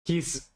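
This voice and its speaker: A woman streaming a video game, chatting casually, laughing often and teasing herself. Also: mellow. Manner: giggly, self-mocking, apologetic.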